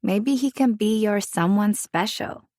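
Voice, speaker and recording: A woman's voice: medium pitch, unhurried, a little mellow, dry recording, studio quality, pitched above the performer's own voice, natural voice. A woman voicing a cheeky, teasing female coworker in an audiobook.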